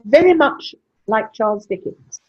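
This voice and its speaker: A woman's voice: on the high side, animated, a little slow, breathy edge. An older woman with a posh English accent and very precise diction, speaking frankly in an interview. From England. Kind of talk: conversational interview. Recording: muffled lo-fi sound.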